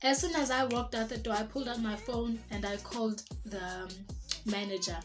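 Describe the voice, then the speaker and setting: A woman's voice: on the high side, fairly quick. Chatty South African woman telling a story. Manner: chatty, animated, mixing in isiZulu phrases, many "like"s. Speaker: vlogger. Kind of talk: casual storytime. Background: background music.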